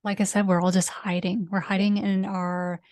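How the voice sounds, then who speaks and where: A woman's voice: mid-range voice, little pitch movement, moderate pace, darkish tone. A Canadian-accented woman chats as a guest on a podcast. She talks in an easygoing way, hedges her points, and often breaks into laughter. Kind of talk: casual podcast chat.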